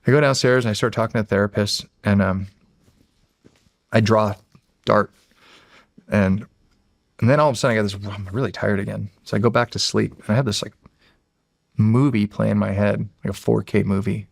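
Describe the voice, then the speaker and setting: A man's voice: fairly low pitch, steady tone, moderate pace, gravelly, pauses often, no room sound, studio quality. A middle-aged American man and podcast guest who tells stories casually and animatedly, acting out the voices. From United States. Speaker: podcast guest, former Navy SEAL. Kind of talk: casual storytelling.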